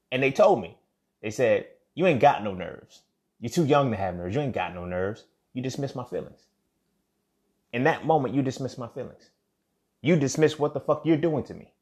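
A man's voice: mid-range voice, darkish tone. A young man hosting a podcast, talking in a loose, casual monologue full of restarts and asides. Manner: conversational, repeats "you feel me", frequent restarts. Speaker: podcast host.

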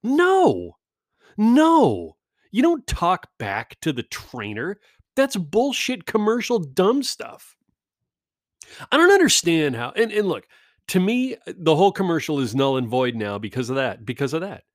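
A man's voice: fairly high pitch, wildly swooping pitch, normal speed, no room sound, studio quality. A man in a casual rambling monologue, ranting and self-deprecating, swearing often.

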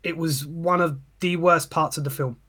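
A man ranting on a podcast with an animated, sweary delivery. His voice sits a little high and has a husky edge. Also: normal speed. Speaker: podcast co-host. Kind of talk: casual chat.

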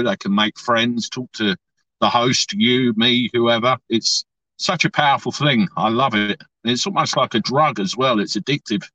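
A man's voice: mid-range voice, no echo. An Englishman, a cab driver appearing as a podcast guest, speaking eagerly with frequent fillers. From England. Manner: bright and eager, stumbling with fillers. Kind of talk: casual interview chat. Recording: distant, dull, lo-fi sound.

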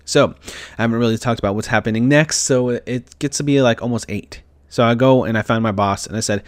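A man's voice: fairly low pitch, moderate pace, dry recording. A young man in casual storytelling, upset and stressed, rambling with frequent restarts and fillers. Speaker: vlogger.

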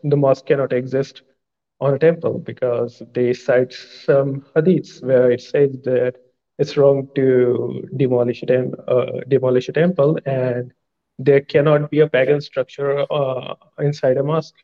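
A man with a gravelly, creaky voice makes argumentative points in a live debate. His call audio sounds dull and lo-fi with a long, echoing reverb. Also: mid-range voice, little pitch movement, a little slow. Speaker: debate guest.

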